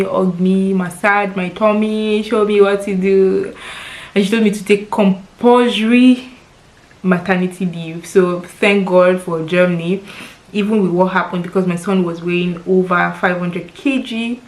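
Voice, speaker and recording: A woman's voice: mid-range voice, steady tone, moderate pace, darkish tone, poor audio. A woman in her thirties with a Nigerian accent, telling a personal story in a vlog, heartfelt and tearful at times, repeating words for emphasis. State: crying at times. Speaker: lifestyle vlogger.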